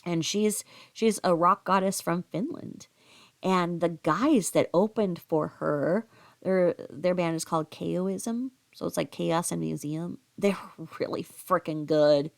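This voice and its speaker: Middle-aged woman, lowish voice, rambling casual storyteller with lots of fillers. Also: takes it slowly, creaky. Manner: chatty, rambling, with many fillers and restarts; acts out quoted voices in a higher pitch.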